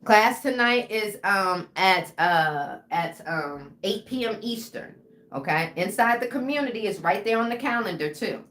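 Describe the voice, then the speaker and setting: A woman's voice: mid-range voice, lively intonation, a little slow, a bit bright, echoey room. A woman mindset coach teaching her viewers in a live stream, casual and full of "okay" and "right". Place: room with a whiteboard.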